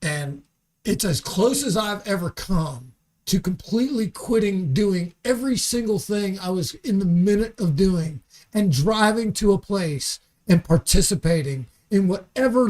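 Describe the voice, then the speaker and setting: A man's voice: high-pitched, lively intonation, a little slow, darkish tone. Fired-up guy on a podcast in a studio, swears a ton, keeps repeating himself. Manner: heated, profane rant; repeats words and restarts sentences. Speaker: podcast guest. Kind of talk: casual podcast conversation.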